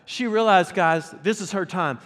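A man preaches in a church sanctuary, his voice sitting a little high. He tells stories with animated energy and keeps asking the congregation to respond. The sound carries a long reverb from the hall. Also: moderate pace. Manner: animated, addresses the congregation directly. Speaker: pastor. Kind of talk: storytelling sermon.

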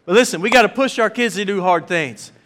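A man's voice: high voice, brisk. A man with a Southern US accent preaching a sermon in a church, telling stories animatedly and acting out the quotes. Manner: animated storyteller, acts out quotes. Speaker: pastor.

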